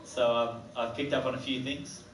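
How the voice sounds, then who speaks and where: A man's voice: mid-range voice, level tone, moderate pace, slight background noise. A man doing chatty, hesitant stand-up comedy about having an accent. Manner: chatty, hesitant, self-aware. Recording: echoey distant stage mic with clicks.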